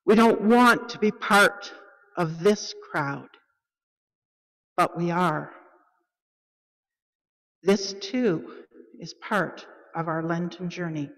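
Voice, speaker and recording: A woman leading a church worship service, reading liturgy in a measured, solemn way. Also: lowish voice, a bit bright. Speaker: worship leader. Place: church sanctuary. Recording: long reverb of a church hall.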